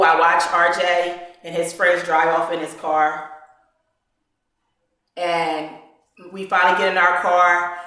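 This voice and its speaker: A woman's voice: on the low side, fairly bright tone. A woman, telling a personal story to a gathering in an earnest, present-tense storytelling way. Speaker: invited speaker. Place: meeting hall. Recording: echoey hall from far off.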